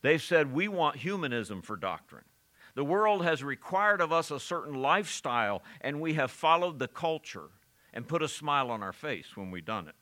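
A man's voice: on the high side, lively intonation, moderate pace, sharp tone. A middle-aged man preaching a sermon earnestly, building to emphatic peaks and sometimes correcting himself mid-phrase.

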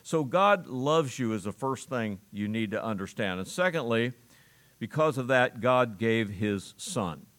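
Pastor, male, mid-pitched, measured sermon delivery with emphatic stresses. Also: fairly bright tone.

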